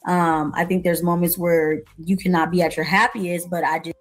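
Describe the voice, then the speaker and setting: Flat low-voiced woman answering. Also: normal speed. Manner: hesitant, with ums. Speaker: podcast panelist. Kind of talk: casual chat.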